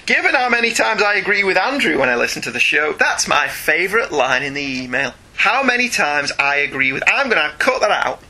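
A man co-hosting a chatty podcast, reading emails aloud and joking along the way. His voice is very bright and a little husky. His pitch leaps around with animated, sing-song energy. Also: a little fast, few pauses. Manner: chatty, animated, laughs often, reads aloud. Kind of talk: casual chat.

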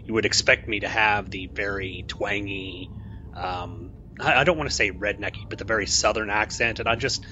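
A man's voice: fairly low pitch, moderate pace, pushed and bright. A man from Kansas raised in Oklahoma, co-hosting a podcast in rambling casual chat. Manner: rambling, self-correcting. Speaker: podcast co-host. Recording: dull lo-fi audio with faint hiss.

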